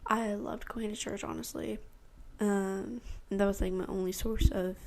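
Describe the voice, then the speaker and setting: As a podcast host, a Texas teenager rambles through her personal testimony, dramatizing her own words and those of others. She speaks at normal speed in a mid-range, slightly mellow voice with fairly even intonation.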